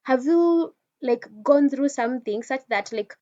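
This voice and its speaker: A woman with a fairly high voice teaches calming techniques in a relaxed, conversational talk. She speaks right to the listener and often restarts her sentences. The recording sounds a little dull and lo-fi. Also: measured pace. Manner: conversational, addresses listener directly, frequent restarts. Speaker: wellness speaker.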